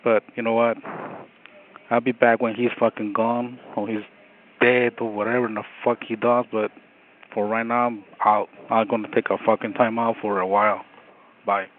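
A man's voice: fairly low pitch, flat delivery, moderate pace. A man from Los Angeles calling in to a fan show, angry, blunt and cursing. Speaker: caller. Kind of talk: angry phone call-in rant. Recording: tinny phone line with faint hiss.

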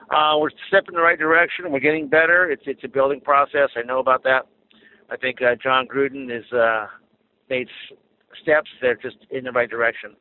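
A man's voice: mid-range voice, fairly even intonation, fairly quick, a little hiss or hum. A man from Minneapolis, Minnesota, calling in to a fan show, chatty, cheerful and rambling over a tinny phone line. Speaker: caller.

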